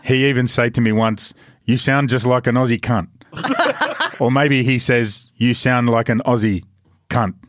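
A man's voice: medium pitch, big pitch swings, unhurried, a bit bright, dry recording, clean studio sound. A man reading out a comic letter as a vain male racing legend who boasts in mangled, grand English. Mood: pompous. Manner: read as a letter, pompous, broken boastful phrasing.

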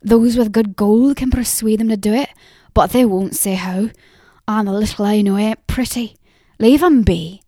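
A woman voicing a gossipy, impatient old peddler woman who talks in a loud, rustic, chattering way in an audiobook. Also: medium pitch, moderate pace, dry recording, clean studio sound, natural voice. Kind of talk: audiobook character voice.

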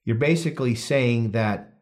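A man's voice: mid-range voice, a little slow. A man hosting a casual podcast, reading through a study with jokes and frequent self-corrections. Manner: animated, joking, often restarts and corrects himself. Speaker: podcast host.

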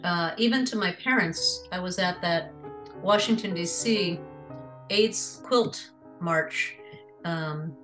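A woman's voice: lowish voice, slow, a bit bright, faint music behind, rough recording. A retired teacher in her sixties, a woman, speaking frankly and conversationally about her life in an interview. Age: 60s. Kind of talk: personal storytelling.

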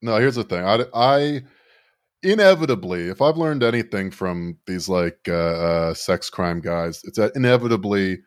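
A low-pitched man talks through the news on a podcast, sardonic and rambling, tripping over his own restarts. The sound is dry and close, with no room around it. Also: lively intonation, moderate pace, smooth, no echo. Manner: sardonic, rambling, frequent self-corrections. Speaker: podcast co-host. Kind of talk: casual political podcast banter.

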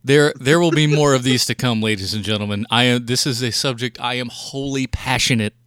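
A man's voice: mid-range voice, fairly quick, fairly bright tone, clear, resonant tone, no room sound, studio quality. A man hosting a podcast, ranting in a profane, fired-up way about rude moviegoers in casual chat. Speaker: podcast host.

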